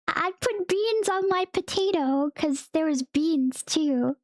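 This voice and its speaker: High-voiced giggly young woman streamer. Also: animated, slow, hardly any pauses, no echo, clean studio sound. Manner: giggly, laughs often between sentences; rambling, storytelling with "like" and "okay?". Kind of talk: casual chat to viewers.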